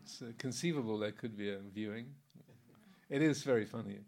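Give me a man in his sixties giving a relaxed, anecdotal Dharma talk, full of fillers and chuckles. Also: fairly low pitch, a little fast. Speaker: Buddhist monk teacher. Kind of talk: informal Dharma talk answering a comment.

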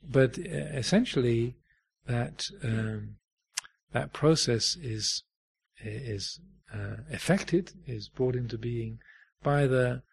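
A man giving a reflective Dharma talk as a meditation teacher, pausing often and restarting his phrases. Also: medium pitch, vocal fry, breathy edge. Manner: reflective, halting, many fillers and restarts.

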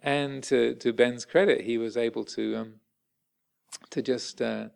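A man, a Buddhist monk giving a dharma talk in a halting way with many pauses and restarts. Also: medium pitch, steady tone, gravelly, darkish tone, clear, resonant tone.

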